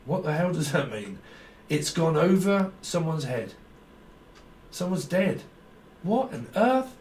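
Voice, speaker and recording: A man's voice: fairly high pitch, big pitch swings, slow pace, darkish tone, a little hiss or hum. A man giving a rambling, free-associating tarot reading, swearing and laughing as he goes. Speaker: tarot reader. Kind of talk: stream-of-consciousness intuitive reading. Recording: echoey room, mic far off.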